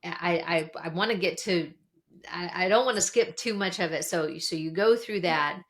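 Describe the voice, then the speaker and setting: Female podcast host, low-pitched voice, encouraging, asks questions with several restarts. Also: moderate pace. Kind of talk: interview questions.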